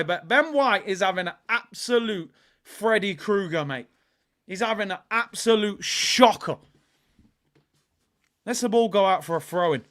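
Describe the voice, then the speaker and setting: Young man, fan watchalong commentary, excitable, shouty, high voice, bright tone. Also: unhurried, pauses often. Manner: excitable, shouting at players, London slang. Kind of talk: live football watchalong commentary.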